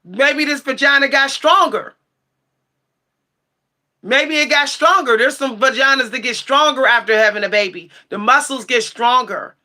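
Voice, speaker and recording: A woman hosting her own livestream channel, ranting sassily and bluntly at her chat, swearing freely and breaking into shouts. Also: high-pitched, normal speed. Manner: sassy, blunt, profane, shouts at times. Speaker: livestream tarot channel host. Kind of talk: heated livestream rant answering chat.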